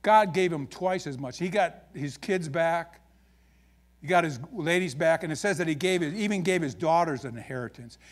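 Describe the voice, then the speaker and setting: A man's voice: a little high, moderate pace. A man with an Upper Midwest American accent preaching a sermon as pastor, folksy and joking as he tells stories. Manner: folksy, joking, animated storytelling.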